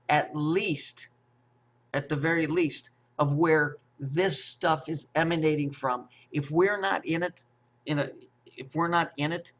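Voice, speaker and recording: A man's voice: on the high side, fairly bright tone. Man ranting with stammered restarts. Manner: profane, repetitive, with stammered restarts and rhetorical questions. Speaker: conspiracy commentator. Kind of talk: rambling monologue. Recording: muffled lo-fi audio.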